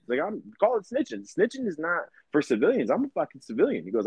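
Husky, profane man telling stories. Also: high voice, fast talker, hardly any pauses, dry recording, lo-fi sound. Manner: profane, animated storytelling with put-on quotes. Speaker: podcast co-host. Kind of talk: casual chat.

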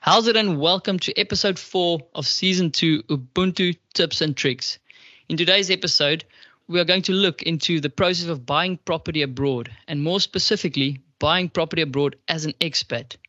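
A man's voice: on the high side, moderate pace, bright, forceful tone, no room sound. A South African man hosting a casual show over a video call, chatty and stumbling over his words. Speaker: podcast host. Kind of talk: casual hosted chat. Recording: muffled video call audio.

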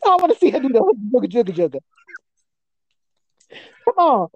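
High, lively woman ranting crudely. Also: brisk, husky, no room sound, highs cut off. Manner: profane, mocking, chanting nonsense singsong. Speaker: guest comedian. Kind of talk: crude roast rant.

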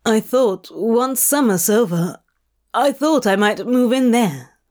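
A woman reading the lines of a blunt, swearing man in a slow, curt drawl. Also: fairly high pitch, animated, a little mellow. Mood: hesitant.

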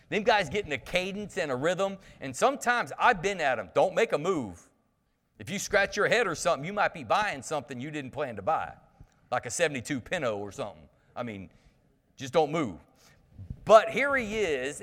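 A man's voice: fairly high pitch, fairly bright tone, in a large hall. A male pastor preaching a sermon, reading scripture aloud and then explaining it in a folksy, conversational way with frequent restarts.

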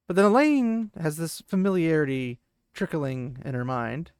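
Male host, chatty retelling with asides, a touch high-pitched, dry recording. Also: very animated, moderate pace, darkish tone, smooth, dry recording. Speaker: podcast host. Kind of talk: casual chapter retelling.

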